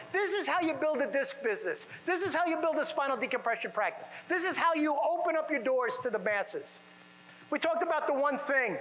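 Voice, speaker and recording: Man, high-pitched voice, motivational seminar speaker, rhetorical questions, conference room audience. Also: pushed and bright, in a large hall, rough recording.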